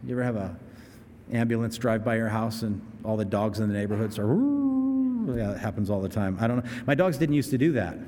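A man's voice: fairly low pitch, fast, dark tone, slight background noise. A male pastor preaching a sermon, mixing plain explanation and casual asides with sudden dramatic bursts. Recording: long hall reverb.

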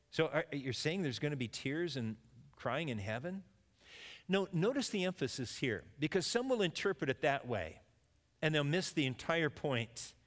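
Male pastor, conversational sermon delivery, fairly high voice, reverberant hall sound. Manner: conversational preaching, acting out imagined voices.

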